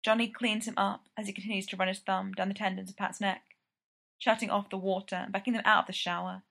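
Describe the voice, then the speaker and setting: A woman reading a story aloud, with a steady, intimate storytelling narration. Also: medium pitch, fast talker, gravelly. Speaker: reader.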